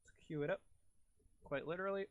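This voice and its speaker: A man's voice: a little high, fast talker, no room sound, highs cut off. A man with a Canadian accent chatting casually on a livestream while he edits video, rambling, full of "like" fillers and talking to himself as he works.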